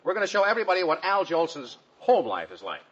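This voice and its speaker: A man hosting a 1940s radio comedy show, boastful and wisecracking with quick comebacks. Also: a little high, wildly swooping pitch, fairly bright tone, slightly rough. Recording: dull old radio broadcast with hiss.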